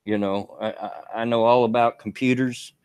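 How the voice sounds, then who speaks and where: A man's voice: mid-range voice, fairly even intonation, moderate pace, a little mellow, clean tone, dry recording, studio quality. A man, hosting a live stream in a folksy, rambling way with many fillers and restarts. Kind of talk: casual chat.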